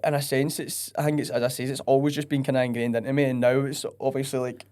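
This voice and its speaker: Fast-talking young West of Scotland man. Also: medium pitch, little pitch movement, a little mellow. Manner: blunt and sweary, with lots of fillers. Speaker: podcast guest. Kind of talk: casual chat.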